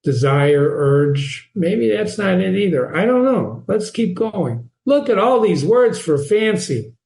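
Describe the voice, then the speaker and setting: A man hosts an informal reading lesson, and his voice sits a little higher than most. He goes back over key phrases several times and asks the listener direct questions. The recording has a roomy echo. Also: big pitch swings, slow pace, gravelly, darkish tone. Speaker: reading teacher and host.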